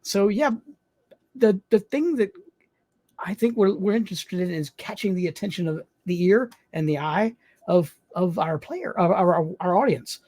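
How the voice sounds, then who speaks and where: A man's voice: sits high, animated, normal speed, a little mellow, dry recording. A man who hosts a game show, telling stories as a podcast guest, acting out voices and laughing often. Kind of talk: casual podcast interview.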